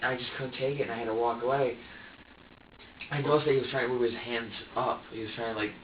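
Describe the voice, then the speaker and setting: A man being questioned by police, talking in a halting, repetitive way, restarting sentences and quoting himself, with an emotional delivery that moves between tense and subdued. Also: mid-range voice, fairly even intonation, a little hiss or hum. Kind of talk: police interrogation recording. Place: police interview room. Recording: echoey, distant, dull lo-fi room recording.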